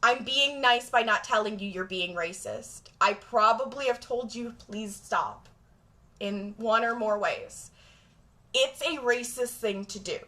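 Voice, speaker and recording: A woman's voice: a little high, measured pace, pushed and bright. A woman vlogger talking straight to camera in a blunt, profane, emphatic rant. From Jamaica.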